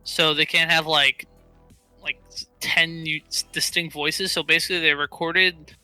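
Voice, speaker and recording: A man's voice: fairly high pitch, no room sound, faint music behind, poor audio. A man co-hosting a gaming podcast, talking casually with lots of fillers and restarts. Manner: animated, halting with many fillers. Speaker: podcast co-host. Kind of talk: casual chat.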